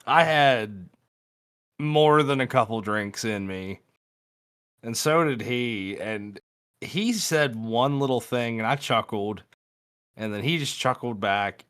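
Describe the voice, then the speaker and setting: A man co-hosting a podcast, talking loudly and excitably in casual chat, swearing freely. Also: medium pitch, slow pace, clean tone. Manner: loud, swears a lot, excitable. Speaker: podcast co-host.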